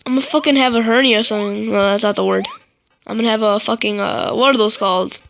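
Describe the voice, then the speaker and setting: A gaming YouTuber giving raging gameplay commentary, swearing and yelling in frustration and muttering to himself between outbursts. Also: medium pitch, fairly even intonation, fast talker, gravelly, a little hiss or hum.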